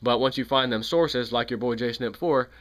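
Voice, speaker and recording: A man's voice: mid-range voice, normal speed, a bit bright. A man giving an angry, sarcastic political commentary on his own channel, repeating points with rising heat. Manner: heated, sarcastic, repetitive. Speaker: video commentator.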